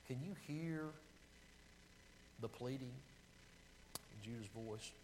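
Amid background noise, a man with a medium-pitched voice preaches slowly, pausing often. He reads long scripture passages in a pleading, sinking way, repeatedly stopping to restart and correct himself as he searches for the verses.

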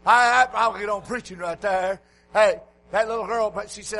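A man preaching a folksy revival sermon in a church, dropping to quiet asides and rising to shouts. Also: steady tone, moderate pace, rough recording. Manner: folksy, swings from low murmurs to hoarse shouting.

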